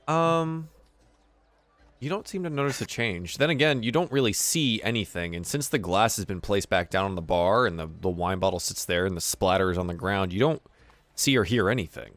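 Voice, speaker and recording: A man's voice: fairly low pitch, moderate pace, fairly bright tone, no room sound. A man narrating a tabletop game as game master, describing scenes and stopping to improvise details.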